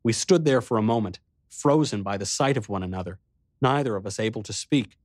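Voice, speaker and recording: A man narrating an audiobook in the first person, steady and measured. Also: fairly low pitch, no room sound, studio quality.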